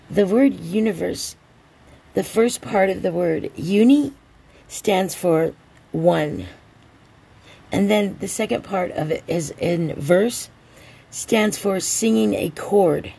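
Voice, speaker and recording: Gravelly, husky woman rambling slowly. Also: lowish voice. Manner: tipsy, meandering, slow drawl with sudden excited outbursts. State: a little drunk and stoned. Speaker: podcast host. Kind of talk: rambling solo podcast monologue.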